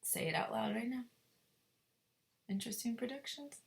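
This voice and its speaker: A woman teacher reading a chapter book aloud to her second graders, expressive and stopping to ask the class questions. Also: a little high, moderate pace, gravelly. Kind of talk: reading a novel aloud to children.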